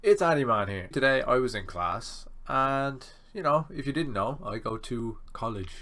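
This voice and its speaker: A young man in his twenties telling a rambling, animated storytime vlog, swearing freely. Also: medium pitch, moderate pace. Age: 20s. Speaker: student vlogger.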